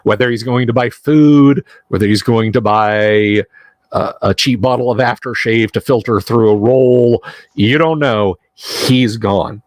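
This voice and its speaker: Slow, halting game master man. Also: mid-range voice, no echo. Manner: slow, hesitant narration with many fillers. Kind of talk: narrating a tabletop game on a livestream.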